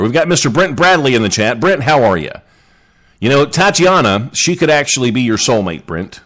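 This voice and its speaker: A man's voice: medium pitch, fairly bright tone. A man hosting a casual live podcast, joking and chatting with listeners in the chat. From Southern United States. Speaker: podcast host.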